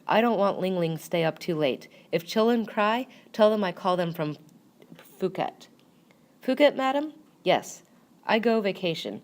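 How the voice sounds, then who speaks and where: A woman voicing a harsh middle-aged female employer who scolds in clipped, broken English with a Cantonese accent. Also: fairly low pitch.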